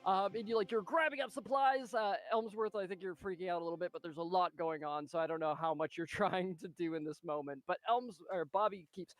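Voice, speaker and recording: A man narrating as game master of a tabletop game, excitable and full of fillers and spoken sound effects. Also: sits high, brisk, hardly any pauses.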